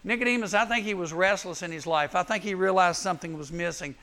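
A man preaching a youth sermon, telling Bible stories in an animated way and acting out the voices. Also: sits high, fast. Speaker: youth speaker.

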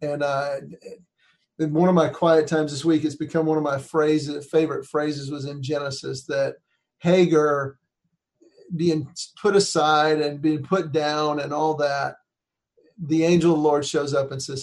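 A man's voice: fairly high pitch, flat delivery, measured pace. Earnest man telling a heartfelt story. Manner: earnest, acts out quoted voices, softens when emotional. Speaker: speaker. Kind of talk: storytelling talk.

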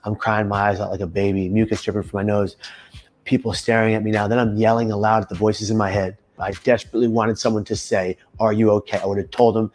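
A man in his thirties telling his own story in an emphatic testimony, rising to loud intense bursts. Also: fairly low pitch, level tone, quick pace, a little hiss or hum. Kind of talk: personal testimony monologue.

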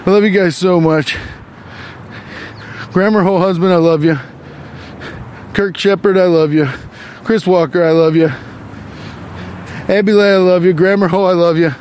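A man hosting a podcast, delivering a rambling, profane comedic monologue with quick asides. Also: high-pitched, steady tone, a little mellow, slight background noise. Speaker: podcast host.

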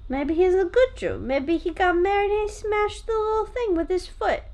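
A woman co-hosting a casual improv podcast, riffing quickly and swearing freely. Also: very high voice, darkish tone. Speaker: podcast co-host.

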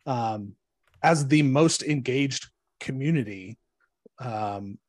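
A male attorney explains court cases as a podcast guest, in an ordinary middle-pitched voice. He talks in a measured, halting way, filling pauses with ums and uhs. The sound is dry and close. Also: dry recording.

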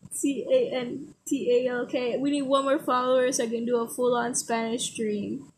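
A woman's voice: a little high, flat delivery, normal speed, a little hiss or hum, rough recording. A teenage girl chatting with friends, giggly and scattered. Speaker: small streamer. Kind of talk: casual chat.

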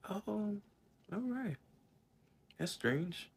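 Husky laid-back man reading posts aloud. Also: sits high, lively intonation, extremely slow.

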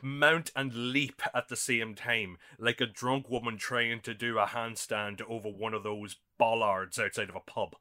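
A man's voice: mid-range voice, fairly even intonation, pushed and bright. A man co-hosting a podcast, making sarcastic jokes in casual chat. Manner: sarcastic, quick joking asides. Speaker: podcast co-host.

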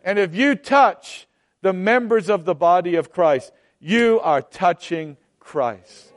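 A man preaching a sermon, emphatic and deliberate, often repeating phrases for weight. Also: high-pitched, expressive.

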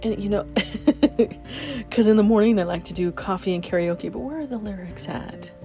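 Mellow-voiced bubbly woman podcast host. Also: animated, normal speed, faint music behind. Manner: bubbly, laughs often, talks to her dog in a high baby voice. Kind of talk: casual morning podcast chat.

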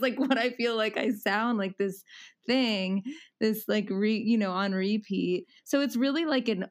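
A woman's voice: a little high, a little slow. A woman in her thirties talking casually as a podcast guest, rambling with many fillers and frequent laughs.

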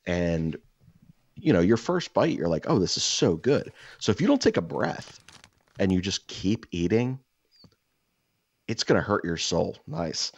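A man with a very deep, gravelly voice rambles through a casual story, cursing freely and getting animated. His tone is husky and rough. The mic is dry and a little dull. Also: unhurried, long pauses, no room sound. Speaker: podcast co-host.

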